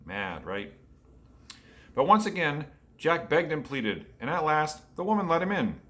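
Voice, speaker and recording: Male storyteller reading a picture book to kids, bright and forceful. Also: on the high side, big pitch swings, measured pace. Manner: asks children questions. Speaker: storyteller for children.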